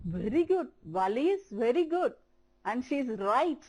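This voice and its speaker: A woman teacher with an Indian English accent giving a televised primary-school English lesson, speaking slowly and repeating words for children to copy. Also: fairly high pitch, big pitch swings, a little mellow, breathy edge.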